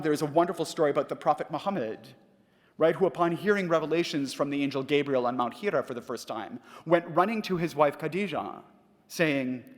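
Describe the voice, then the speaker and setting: A middle-aged man giving a prepared conference lecture, measured and reflective, asking rhetorical questions. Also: fairly high pitch. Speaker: conference speaker. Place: large conference hall. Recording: reverberant hall.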